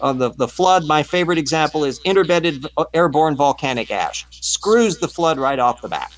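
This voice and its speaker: A man on a live stream discussion, explaining in a measured, professorial way. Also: a little high, animated, rough recording. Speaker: panelist.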